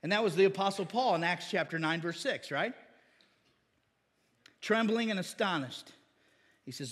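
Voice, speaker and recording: A man's voice: high voice, animated, normal speed, pauses often, fairly bright tone, long reverb tail. A man preaching as pastor, often calling for an amen from the congregation. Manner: call-and-response asking amen. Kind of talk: sermon.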